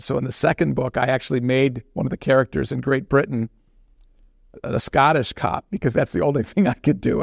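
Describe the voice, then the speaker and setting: Gravelly-voiced male author chatting. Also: mid-range voice, no echo, studio quality. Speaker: fiction author. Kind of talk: informal talk on writing craft.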